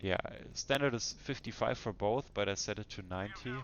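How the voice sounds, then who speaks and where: A man's voice: fairly low pitch, a little fast, lo-fi sound, crowd noise. Chatty man commenting gameplay. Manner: chatty and self-mocking, often laughing to himself. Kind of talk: casual let's-play commentary.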